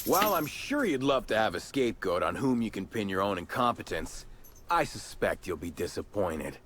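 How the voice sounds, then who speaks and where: A man's voice: lowish voice, sing-song, normal speed, a bit bright, slight background noise. An actor playing a haughty, condescending male security agent in a video game.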